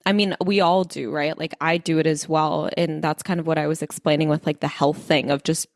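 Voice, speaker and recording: A woman co-hosting a spiritual podcast, chatting casually in a curious, animated way and swearing now and then. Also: sits low, fairly quick, dry recording, clean studio sound. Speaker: podcast co-host.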